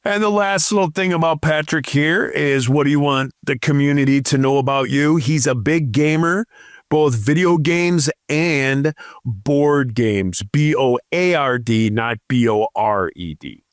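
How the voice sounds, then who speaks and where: A man's voice: on the high side, unhurried, dry recording. A man co-hosting a casual podcast, reading out listener profiles and adding dry comments. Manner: reads listener profiles aloud with dry asides. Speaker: podcast co-host.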